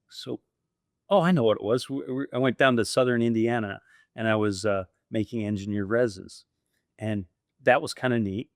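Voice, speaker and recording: A middle-aged male guest in a storytelling interview animatedly acts out dialogue as he recounts events. His fairly low voice is captured in a dry, studio-quality recording.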